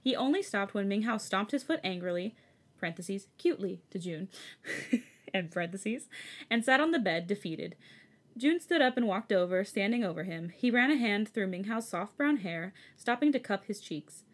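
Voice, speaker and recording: A woman's voice: mid-range voice, animated, normal speed. A woman podcast host reading fan fiction aloud, breaking off for chatty, giggly asides. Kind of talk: casual story reading.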